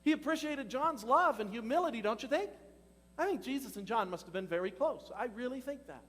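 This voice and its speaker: Male pastor, high voice, animated conversational sermon, long church-hall reverb. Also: brisk. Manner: animated, conversational preaching with laughs and questions to the congregation.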